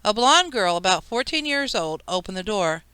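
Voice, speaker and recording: A woman narrating a children's audiobook in an even storytelling way. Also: mid-range voice, moderate pace, clear, resonant tone, no room sound. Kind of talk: scripted narration.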